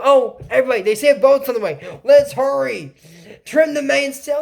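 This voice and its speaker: A woman's voice: fairly high pitch, animated, unhurried, creaky, a little mellow. A woman giving a casual reaction commentary on a cartoon episode, rambling and sarcastic, with mocking asides.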